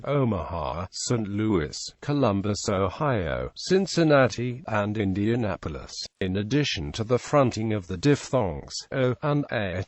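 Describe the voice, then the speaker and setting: A man's voice: lowish voice, darkish tone, dry recording. A text-to-speech male voice reading an encyclopedia article aloud in a mechanical, evenly paced way, with odd misreadings. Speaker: narrator.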